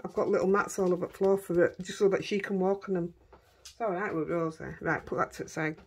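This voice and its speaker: Chatty Yorkshire woman, low husky voice. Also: steady tone, fast talker. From Yorkshire, England. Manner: chatty, talks to herself and her dogs while working. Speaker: craft vlogger. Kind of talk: casual crafting chat.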